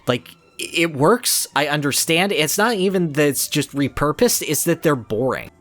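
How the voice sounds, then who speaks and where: A man's voice: on the high side, lively intonation, moderate pace, fairly bright tone, faint music behind. A man co-hosting a casual podcast, giving passionate, analytical opinions in long, flowing runs. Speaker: podcast co-host. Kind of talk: casual game discussion.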